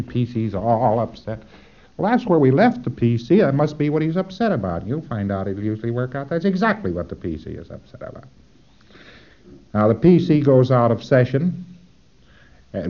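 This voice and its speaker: A man giving a technical lecture, explaining step by step with dry humor and acting out short examples, on a dull lo-fi tape recording. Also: medium pitch.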